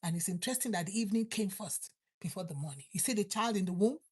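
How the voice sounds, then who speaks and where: A woman preaching and praying, repeating her thanks to God and slowing down on key words. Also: mid-range voice, animated, breathy edge. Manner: fervent, repetitive prayer phrases, slows for emphasis. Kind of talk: prayer and sermon.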